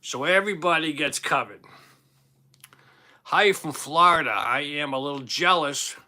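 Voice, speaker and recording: A man's voice: a little high, unhurried, sharp tone. A man in his fifties with a Boston accent, hosting a casual livestream, joking and chatting as he reads viewer comments. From Boston, Massachusetts. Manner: jokey, chatty, self-teasing. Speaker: livestream host.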